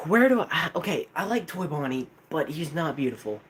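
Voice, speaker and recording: A man's voice: a little high, very animated, moderate pace, fairly bright tone, slight background noise. A young American man rambling casually to a live chat, hesitant, with many restarts. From United States. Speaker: streamer.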